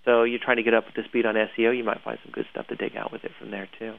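A gravelly-voiced man co-hosts a casual news talk, animated and opinionated. His voice comes through thin and tinny, like a phone line. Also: on the low side, very fast. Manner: animated, opinionated, laughs often. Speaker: podcast co-host.

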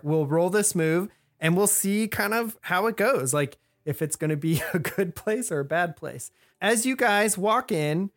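A young woman narrating and explaining rules as game master, in a relaxed, filler-heavy way. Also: on the low side, no room sound, studio quality.

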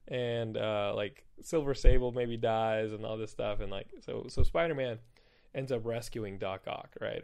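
A man's voice: medium pitch, vocal fry, darkish tone. A young man casually recapping comic storylines, profane and rambling, full of fillers and self-corrections. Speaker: comic book commentator.

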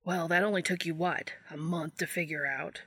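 A woman's voice: deep voice, steady tone, moderate pace, pushed and bright, husky, no echo, heavily acted. A woman voicing a laid-back younger brother who teases and sounds exasperated, in a fan audiobook reading. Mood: teasing. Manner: teasing, exasperated.

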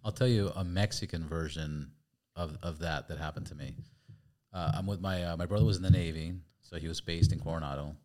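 A man hosting a podcast, telling a story in a chatty, halting way and acting out voices. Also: low-pitched, darkish tone. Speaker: podcast host. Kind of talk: casual storytelling.

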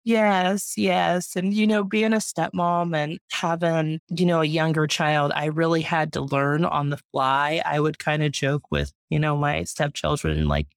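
A woman in her thirties, a guest, chatting proudly and warmly about her homestead and her family. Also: deep voice, measured pace, clear, resonant tone, dry recording, clean studio sound. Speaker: guest, urban homesteader and mom. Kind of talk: casual interview chat.

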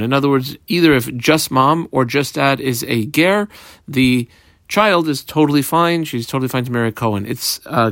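Man teaching a Talmud page, halting. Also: mid-range voice, a bit bright, dry recording, studio quality. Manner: halting, with frequent "uh" fillers and quick Aramaic readings. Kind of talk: Talmud lesson, reading and translating.

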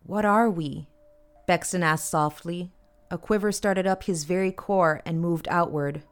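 A woman narrating a horror story as an audiobook, in a measured, even delivery. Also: fairly low pitch, smooth.

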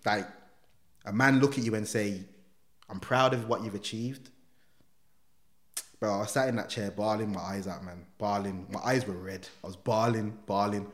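A man telling an animated personal story as a podcast guest, full of slang. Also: fairly low pitch, moderate pace, long pauses. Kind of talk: casual storytelling.

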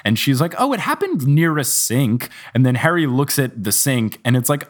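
A young man hosting a casual podcast chat, retelling a story with quick put-on character voices and frequent laughter. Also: medium pitch, very animated. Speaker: podcast host. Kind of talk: casual chat recapping a book.

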